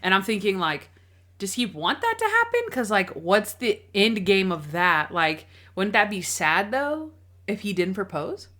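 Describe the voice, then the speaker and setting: A young woman co-hosting a podcast, chatting casually and excitedly with many fillers. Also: medium pitch, a little slow. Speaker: podcast co-host. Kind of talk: casual chat.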